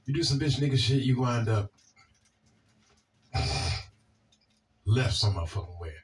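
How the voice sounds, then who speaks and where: A man with a Washington, D.C. accent talks bluntly and swears freely while he answers viewer comments, often circling back over the same words. His voice sits a bit back from the microphone at an ordinary, middle pitch. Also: expressive, a little slow, distant mic. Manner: blunt, profane, repeats himself. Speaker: video host.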